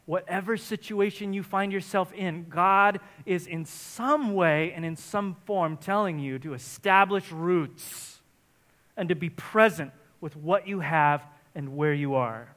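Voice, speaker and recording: Man, pastor, sermon, high-pitched, bright tone, emphatic delivery. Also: a little slow. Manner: emphatic, rising to near-shouting exhortations. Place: church in Santa Barbara area.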